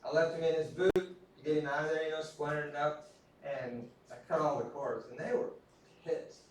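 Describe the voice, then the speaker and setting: A man's voice: a little high, fairly even intonation, moderate pace, recorded from a distance. Guy teaching a class, loose and joking on himself, super echoey room, mic way off. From Texas. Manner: casual, self-deprecating, chatty. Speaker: instructor. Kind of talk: classroom lecture with storytelling.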